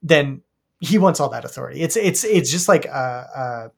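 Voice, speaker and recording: A man's voice: on the high side, lively intonation, moderate pace, gravelly, husky. A man co-hosting a casual podcast chat, talking thoughtfully and searching for his words. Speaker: podcast co-host.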